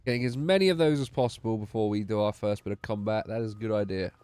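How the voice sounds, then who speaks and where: A man's voice: lowish voice, fast talker, darkish tone, clean tone, dry recording. A man streaming a game, tired and yawning, making wry, sardonic asides. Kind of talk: gameplay commentary.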